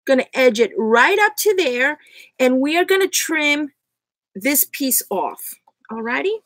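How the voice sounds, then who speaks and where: Woman host, live craft demo; bright high voice with a lot of swing, unhurried pace, giggly and self-mocking, close desk mic. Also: sing-song. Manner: chatty, laughs often at herself. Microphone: USB desk microphone.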